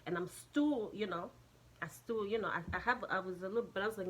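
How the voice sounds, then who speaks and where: A woman's voice: mid-range voice, quick pace, slight background noise. A woman with a Jamaican accent telling a casual storytime, rambling, swearing and restarting sentences often. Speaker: vlogger.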